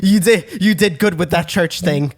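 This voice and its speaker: A man co-hosting a podcast, reacting with swearing and quick interjections. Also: sits high. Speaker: podcast co-host. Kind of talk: casual chat.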